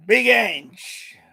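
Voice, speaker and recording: A man's voice: extremely high pitch, pushed and bright, breathy edge, dry recording. A man with a New York accent, hosting a live stream and rambling casually with lots of laughter and restarts.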